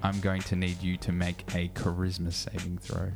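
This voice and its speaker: A man's voice: low voice, completely flat delivery, moderate pace, vocal fry, music in the background. A young man narrating as game master, casual, with many fillers.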